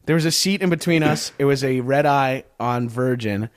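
A man's voice: mid-range voice, normal speed. A man co-hosting a casual comedy talk, telling a rambling story full of fillers and laughs. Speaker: podcast co-host.

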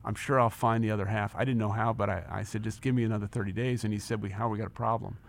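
A former company chief in his sixties, speaking quickly in a fairly low, gravelly voice, tells a personal story as an interview guest. He acts out the dialogue with energy and repeats words when he gets excited.

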